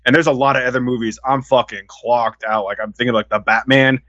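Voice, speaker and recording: A man chatting enthusiastically on a podcast and rambling as he goes, with lots of "like." His voice has a mid-range pitch. The recording is dry and close, with a dull, lo-fi tone. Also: steady tone, fairly quick, pushed and bright, no room sound. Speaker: podcast co-host. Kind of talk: casual chat. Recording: dry lo-fi sound.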